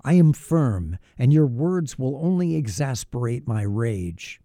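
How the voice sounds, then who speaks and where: A man's voice: mid-range voice, sing-song, a little slow, dark tone, dry recording, clean studio sound. A man voicing a defiant young male scientist, firm and indignant, declaiming in an audiobook reading.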